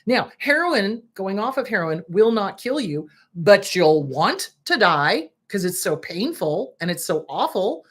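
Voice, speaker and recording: A woman host talks straight to her listeners in blunt, indignant commentary, her pitch rising and falling in lively swings. Her voice sits at an ordinary middle height, and she does not shy away from swearing. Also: a little slow, hardly any pauses, husky. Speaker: host, therapist. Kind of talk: direct-to-camera commentary.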